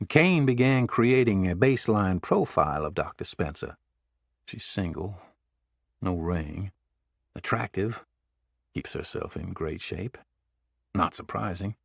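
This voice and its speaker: Low, gravelly male audiobook narrator. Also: expressive, a little slow, pauses often, dry recording, clean studio sound. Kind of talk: scripted narration.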